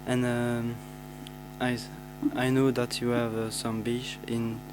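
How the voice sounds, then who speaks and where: A teenage boy introduces himself to pen pals, halting with many restarts and fillers. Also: mid-range voice, monotone, background noise. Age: teens. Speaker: student.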